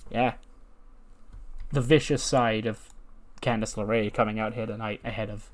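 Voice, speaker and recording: A man's voice: fairly low pitch, steady tone, normal speed. A man hosting a game playthrough, giving crude, joking casual commentary. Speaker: gaming video host.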